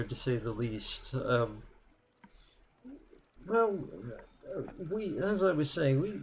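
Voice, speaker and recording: Gravelly man playing his tabletop character. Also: medium pitch, a little hiss or hum. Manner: hesitant, formal wording. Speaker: player. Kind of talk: in-character tabletop role-play.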